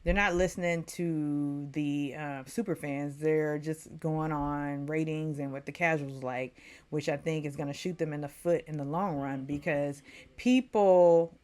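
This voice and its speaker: A woman's voice: low voice, steady tone, measured pace, a little mellow. A woman from Texas giving an opinionated, casual recap of a reality show as a vlogger. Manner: opinionated, chatty, mocks people in quoted voices.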